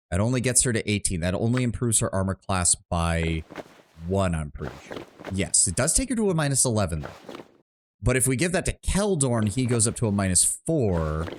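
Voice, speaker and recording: A man's voice: mid-range voice, a little hiss or hum. A man streaming live gameplay, talking casually, muttering his plans and swearing when frustrated.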